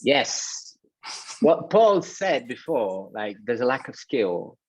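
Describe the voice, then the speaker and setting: A man's voice: mid-range voice, big pitch swings, takes it slowly, husky, no echo, low-quality recording. A man, a guest sound designer, talking casually on a panel, hesitant with many fillers and restarts.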